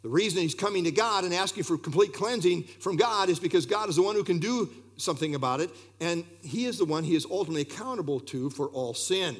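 Guy preaching a sermon, voice up high and swooping all over, asks the crowd lots of questions. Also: fast, few pauses. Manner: expressive, rhetorical questions, occasional fillers.

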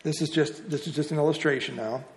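A man's voice: a little high, fast talker. A man leading a Bible study, explaining a passage earnestly and repeating key phrases for emphasis.

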